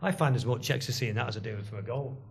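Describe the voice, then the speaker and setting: A man's voice: mid-range voice, rapid-fire, creaky. A man, a guest telling rambling stories full of restarts and asides in casual chat. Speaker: guest, former band drummer.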